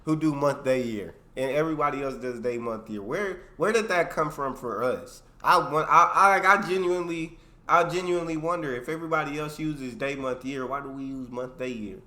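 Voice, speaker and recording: A man hosting a reaction video, talking in a casual, animated way and often laughing and repeating himself. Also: on the high side, a little fast, echoey room. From United States.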